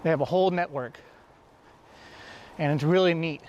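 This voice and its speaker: The audio is dull with a little hiss, carrying a man's slightly high, darkish voice at a normal pace. He's an American travel vlogger speaking casually outdoors, rambling and self-correcting, laughing lightly and a touch out of breath.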